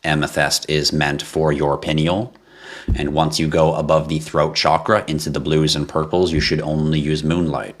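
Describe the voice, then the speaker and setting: A man hosting a live stream, reading viewer comments in a casual, animated way, laughing and swearing now and then. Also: moderate pace. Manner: animated, laughs and swears, jumps to high yelps for effect. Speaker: livestream host.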